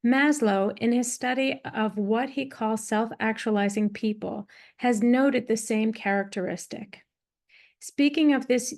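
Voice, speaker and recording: A woman reading a psychology book aloud in a measured way, calling out page numbers and quotes, with small restarts. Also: a little high, a little mellow. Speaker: reader of a psychology text.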